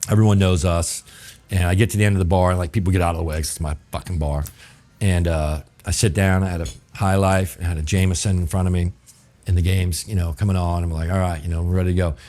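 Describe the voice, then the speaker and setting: Man, New Orleans accent, middle-aged, very low voice, casual profane storytelling, rambling. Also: fairly even intonation, fast, warm tone. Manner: profane, rambling, lots of "you know" and "I'm like". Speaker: chef telling his story as a guest.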